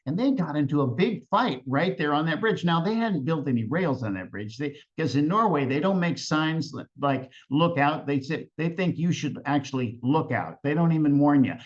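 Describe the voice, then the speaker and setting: A man's voice: on the high side, expressive. Guy telling a family tall tale at a story event, stumbles and repeats words, muffled audio. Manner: halting, repeats words, chuckles between lines. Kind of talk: live storytelling. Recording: lo-fi event recording.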